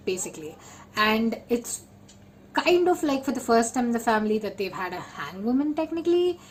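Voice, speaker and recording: A young woman, talking casually as a book vlogger, full of fillers and repeats, with excited bursts. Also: mid-range voice, a little hiss or hum, rough recording. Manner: chatty, lots of fillers and repeats. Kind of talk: casual chat.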